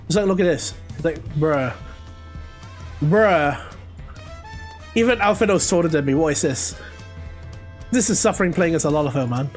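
A young man streaming a game, chatting casually with viewers and reacting excitedly as he plays. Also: a little high, normal speed, pauses often, soft background music. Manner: chatty, excitable, talks to chat while playing. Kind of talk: casual live gameplay commentary.

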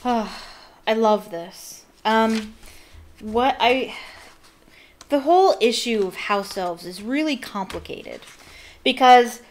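A woman's voice: fairly high pitch, slow, pauses often. A woman reading aloud and chatting casually about a book, enthusiastic and rambling with lots of fillers. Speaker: book reader and fan commentator.

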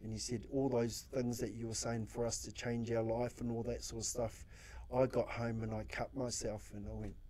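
Mellow-voiced New man telling stories. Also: medium pitch, flat delivery, moderate pace, hardly any pauses. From New Zealand. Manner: acts out his own quotes, swears freely. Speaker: social worker guest. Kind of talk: casual interview storytelling.

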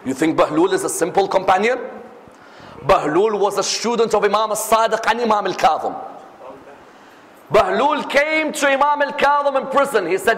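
A male preacher telling stories in a sermon, acting out each character with lively delivery. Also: sits high, moderate pace. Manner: animated, acts out every character. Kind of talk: sermon storytelling. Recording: echoey hall reverb.

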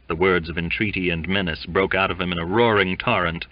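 A man narrating a classic novel in an audiobook, reading in a measured, deliberate way. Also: sits low, fairly even intonation, dry recording. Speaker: audiobook reader. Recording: dull lo-fi dry recording.

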